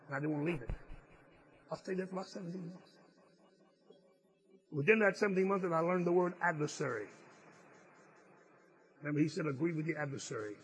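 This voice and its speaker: Earnest older-sounding male preacher, fairly high voice. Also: a little fast, long pauses, low-quality recording. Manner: earnest storytelling, rises in emphasis on key phrases; some stammered restarts. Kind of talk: sermon.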